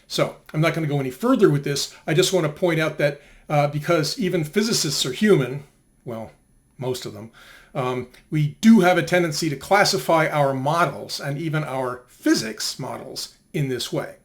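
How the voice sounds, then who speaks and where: An older man talks through a history of science lesson in a slightly raised pitch. He keeps it conversational and drops in rhetorical questions to his listeners. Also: moderate pace. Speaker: lecturer.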